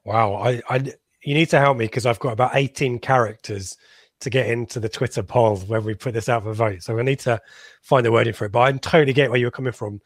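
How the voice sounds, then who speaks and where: A man's voice: medium pitch, steady tone, fast, dry recording. Chatty man hosting a football podcast. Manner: chatty, rambling, laughs often, many ums. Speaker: podcast host. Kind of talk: casual football podcast chat.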